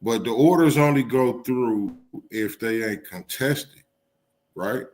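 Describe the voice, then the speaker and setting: A man's voice: medium pitch, slow pace, darkish tone. A man co-hosting a talk show, chatting casually and posing questions in a laid-back, easygoing way. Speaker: co-host. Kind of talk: casual political chat.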